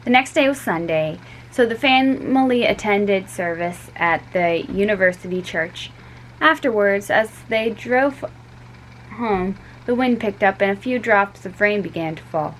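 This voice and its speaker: A woman reading a chapter of a children's story aloud, unhurried, with small stumbles and restarts. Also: mid-range voice, slight background noise, low-quality recording.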